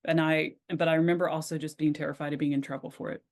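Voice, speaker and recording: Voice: mid-range voice, level tone, fast talker. Give me a reflective, hesitant podcast co-host in casual conversation.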